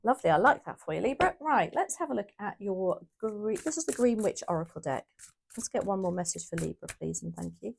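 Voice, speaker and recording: A woman's voice: medium pitch, expressive, a little fast, creaky, a little hiss or hum. A woman giving a casual, chatty tarot reading to her viewers, often correcting herself as she thinks aloud. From United Kingdom. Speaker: tarot reader.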